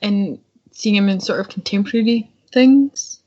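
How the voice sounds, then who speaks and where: A woman's voice: medium pitch, unhurried, mellow. Frank woman on a lo-fi podcast. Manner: chatty, frank, restarts often. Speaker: podcast co-host. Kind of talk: casual film discussion. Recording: dull lo-fi podcast audio.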